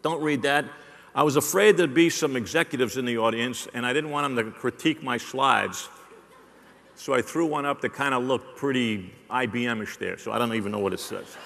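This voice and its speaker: Male keynote speaker, wry and teasing, gravelly edge, slightly high voice, long hall reverb. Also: moderate pace, a bit bright. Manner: joking, audience-teasing, punchy repetition. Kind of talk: live conference keynote. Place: large hall on stage.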